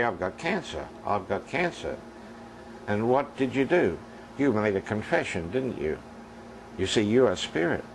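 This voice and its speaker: Lively man preaching a sermon. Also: lowish voice, vocal fry, slight background noise, rough recording. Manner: conversational, rising to emphatic questioning.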